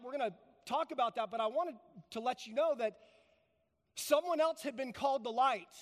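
Man, pastor, sermon, very high voice, emphatic repetition, long hall reverb. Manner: emphatic, repeats key phrases for stress.

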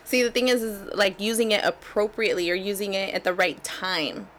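A woman co-hosting a casual chat, telling animated stories and laughing often. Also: mid-range voice, brisk.

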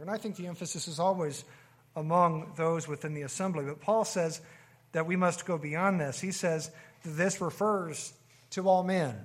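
A man's voice: on the high side, a bit bright. Earnest man preaching a sermon. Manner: earnest, repeats key phrases for emphasis. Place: meeting room with a live audience.

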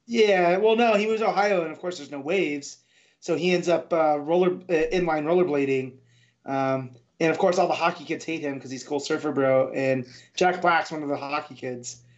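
A man's voice: on the high side, moderate pace. A man playing a trivia game on a podcast, chatty and prone to side stories. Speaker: quiz contestant. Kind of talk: casual podcast chat. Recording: dull lo-fi audio.

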